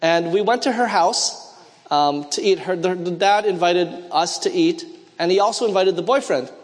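A high-voiced male preacher speaks at a normal speed in a church, his sermon ringing with a long hall reverb. He tells personal stories and throws out questions for the congregation to answer in call-and-response fashion.

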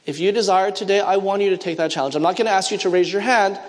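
A man's voice: sits high, fast talker. A man preaching a sermon, telling stories and asking the congregation to call out answers. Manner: storytelling with call-and-response questions. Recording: long hall reverb.

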